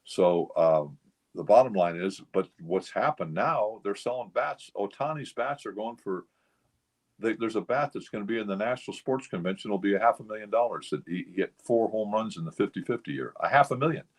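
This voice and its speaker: A man's voice: on the low side, animated, fairly quick. A man over sixty, a memorabilia collector appearing as a guest on a radio talk show, who tells rambling stories packed with fillers. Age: older. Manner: rambling storyteller, many fillers. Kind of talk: casual radio chat.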